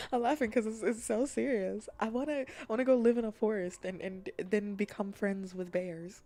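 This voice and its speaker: A woman streamer in a casual, rambling chat, playful and often dropping into soft whispers. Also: mid-range voice, steady tone, moderate pace.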